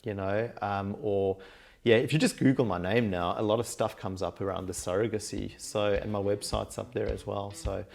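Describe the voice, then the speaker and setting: A lively Australian man speaks in a fairly low voice. He tells stories in a casual interview, laughing often and acting out what others said. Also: normal speed, creaky. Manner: animated storyteller, acts out quotes, laughs often. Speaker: guest, mindset and life coach.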